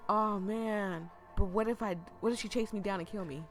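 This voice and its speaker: A woman's voice: medium pitch, moderate pace, soft background music. Chatty woman reading a horror game aloud. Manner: excitable, chatty asides between read lines. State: losing her voice. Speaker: gaming streamer. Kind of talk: reading a visual novel aloud with live reactions.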